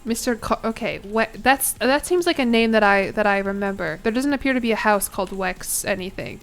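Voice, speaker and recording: A woman streamer chatting casually with her chat while playing a game, with giggly asides and thinking out loud. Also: mid-range voice, fairly quick, faint music behind.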